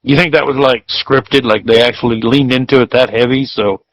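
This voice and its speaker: A man's voice: medium pitch, fairly even intonation, moderate pace, low-quality recording. A man, co-hosting a podcast in loose casual chat full of fillers. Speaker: podcast co-host. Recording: dry close sound.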